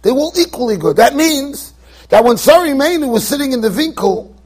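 A very animated man with a notably high, husky and slightly mellow voice teaches Torah in a yeshiva study hall. He lectures forcefully, tosses rhetorical questions at those listening and circles back over repeated phrases. Building his case, he often trips and restarts quickly.

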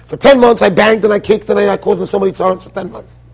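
An American man, a rabbi giving a Torah lecture in a yeshiva study hall, animated and full of rhetorical questions. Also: high-pitched, quick pace, creaky, husky. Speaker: rabbi teaching a Torah class.

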